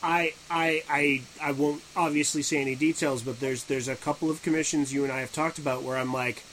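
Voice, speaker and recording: A man with a fairly high voice hosts a loose podcast chat. He teases his guests and often restarts his sentences, with a faint hum of noise behind him. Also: steady tone, fairly quick, fairly bright tone, low-quality recording. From Canada. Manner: joking, teasing, stammering restarts. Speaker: podcast host.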